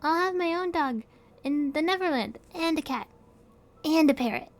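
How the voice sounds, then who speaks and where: A woman's voice: high voice, expressive, normal speed, voice pushed up. A woman doing a small anxious little girl. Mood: chatty. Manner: chatty, earnest, childlike pleading.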